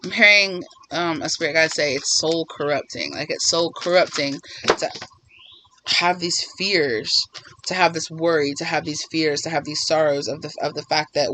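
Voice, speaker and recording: Bright, rambling male tarot reader. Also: fairly high pitch, normal speed, slight background noise, poor audio. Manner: rambling, animated, acts out quoted voices. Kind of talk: casual spiritual tarot reading.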